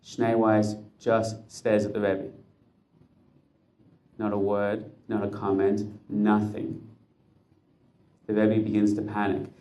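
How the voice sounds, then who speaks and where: A man's voice: on the low side, completely flat delivery, slow, pauses often, warm tone. A man telling a dramatic story to listeners, building suspense with short, punchy phrases.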